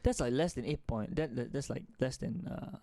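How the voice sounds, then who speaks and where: A man's voice: medium pitch, normal speed, dark tone, dry recording. A man with a Singaporean English accent, a podcast co-host trading jokes in a casual chat. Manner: joking, banters, trails off mid-sentence.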